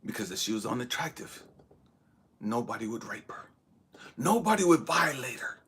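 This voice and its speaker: A man's voice: medium pitch, big pitch swings, moderate pace, fairly bright tone, slightly rough. A man in his thirties giving a spiritual motivational talk, preaching with bursts of emphasis that drop to near-whispers. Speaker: motivational speaker.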